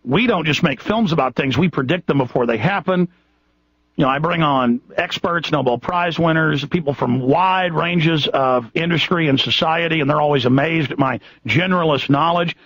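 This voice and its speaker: A man's voice: on the high side, moderate pace, a bit bright, slightly rough, dry recording. A man hosting a radio show, ranting in an impassioned, indignant way with many restarts. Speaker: radio host. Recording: dull lo-fi radio broadcast, dry.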